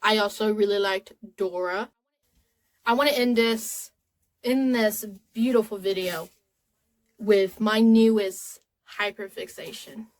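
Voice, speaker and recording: A woman's voice: mid-range voice, fairly even intonation, slow. A woman in her twenties talking casually to camera in a rambling, chatty, earnest way. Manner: earnest and openly emotional. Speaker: vlogger.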